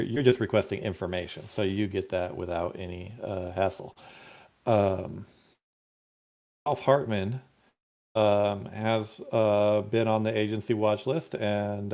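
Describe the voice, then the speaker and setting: Slow, gravelly man running a tabletop game. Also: fairly low pitch, mellow. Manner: unhurried, laughs often, thinks aloud with fillers. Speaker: game master.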